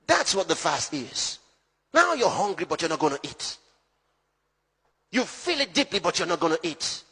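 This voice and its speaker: Husky, high-voiced preaching man. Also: sing-song, normal speed, big-room sound. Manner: emphatic, swings between loud shouts and low hushed lines. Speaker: pastor. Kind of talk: preaching a sermon.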